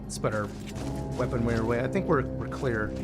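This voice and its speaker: A man's voice: mid-range voice, moderate pace, music in the background. A man streaming a modded game, chatting casually with viewers and reading their chat messages aloud.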